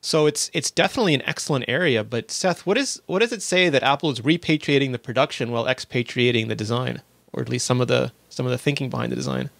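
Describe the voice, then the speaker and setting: A wry, chatty man from Canada hosts a casual tech podcast at a middle pitch. His voice sits close and dry on the mic, with no room around it. He restarts and corrects himself as he goes. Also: fast, creaky, few pauses, fairly bright tone, dry recording. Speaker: podcast host.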